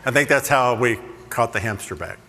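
A man preaching a sermon, telling funny stories in an animated, self-deprecating way. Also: mid-range voice, moderate pace, in a large hall, a little hiss or hum. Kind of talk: humorous sermon storytelling.

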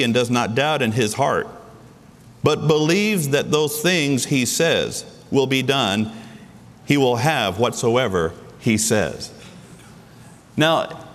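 Man preaching in an echoing hall. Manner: emphatic preaching with sudden pitch jumps and slowed stresses. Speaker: pastor. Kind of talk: sermon.

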